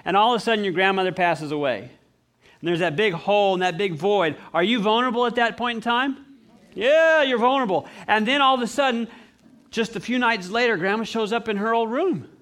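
A man's voice: high voice, brisk. A man preaching a sermon, telling stories and acting out voices. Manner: animated storyteller acting out voices.

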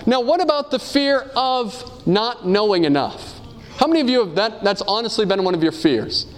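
High-voiced man preaching earnestly. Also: expressive, moderate pace. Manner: earnest, asks the audience many rhetorical questions; reads quotations aloud and tells personal stories. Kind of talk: sermon.

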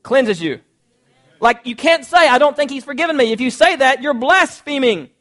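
Man, very high voice, preacher, lively sermon, reads and acts out scripture. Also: normal speed. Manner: animated, conversational, acts out quotes.

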